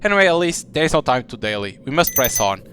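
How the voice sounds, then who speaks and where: A man's voice: medium pitch, very animated, fast, fairly bright tone, a little hiss or hum. A cheerful, chatty young heroine, as a man puts her on while reading a game aloud. She rambles eagerly in a bubbly, lifted voice, hopping from thought to thought. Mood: fond.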